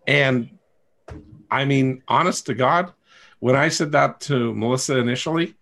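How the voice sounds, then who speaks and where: A man's voice: medium pitch, measured pace, creaky, fairly bright tone. A man hosting a coaching session, talking to a group in a candid, rambling way with self-deprecating humor. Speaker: coach and host.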